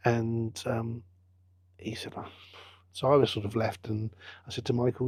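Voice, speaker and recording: A middle-aged man, a business founder telling his story in an interview with lively quoted dialogue. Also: medium pitch, normal speed, breathy edge, no echo. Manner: chatty anecdotal storyteller, acts out quoted dialogue. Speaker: business founder and football club owner, guest.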